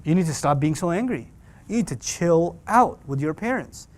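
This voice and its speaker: A man with a slightly high voice teaches a Quran class to young adults. He talks in a lively, joking way, slipping into voices of parents and teens as he makes his points. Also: normal speed.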